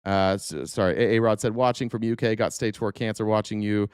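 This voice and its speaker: A man's voice: on the low side, fairly even intonation, brisk, a little mellow, clean tone, dry recording, clean studio sound. A man hosting a casual political commentary show, sarcastic and profane, firing off rhetorical questions. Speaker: host.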